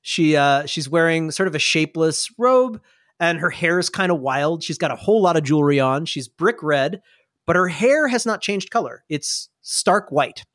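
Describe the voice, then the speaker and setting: Relaxed man running a tabletop game. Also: on the high side, moderate pace, no echo, studio quality. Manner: relaxed, rambling with fillers. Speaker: game master.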